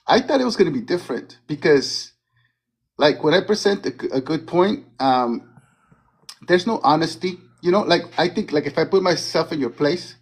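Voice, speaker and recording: A man calling in to a debate, talking in a halting way with many stammers and restarts. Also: on the high side, husky. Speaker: caller. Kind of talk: casual debate call.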